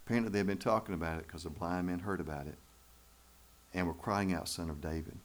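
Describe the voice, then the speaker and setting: A pastor with a deep voice preaches a sermon in church at a quick pace. His style is folksy and emphatic, and he puts rhetorical questions to the congregation.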